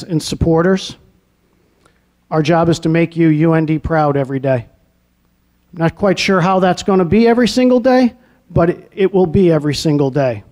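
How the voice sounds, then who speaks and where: A man's voice: fairly high pitch, a little mellow. A middle-aged man from New England, newly named athletic director, giving an earnest press conference speech in an arena lobby and repeating words for emphasis. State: getting emotional at times.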